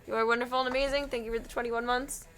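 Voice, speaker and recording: A woman's voice: a little high, level tone, rapid-fire, fairly bright tone, clear, resonant tone. A young woman live-streaming, chatting casually with a giggly, rambling, self-deprecating manner.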